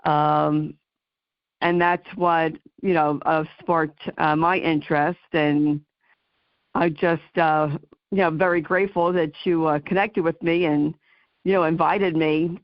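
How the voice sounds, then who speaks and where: A woman with a New Jersey accent hosting a talk radio interview, halting and full of ums and you knows. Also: deep voice, steady tone, no echo, dull audio. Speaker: host.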